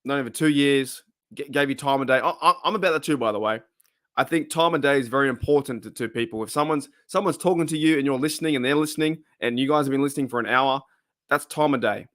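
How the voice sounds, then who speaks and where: A man's voice: mid-range voice, fast talker, a bit bright, dry recording, studio quality. A young Australian man chatting casually on his channel, rambling off on tangents and chuckling often. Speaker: channel host. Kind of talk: casual live-stream chat.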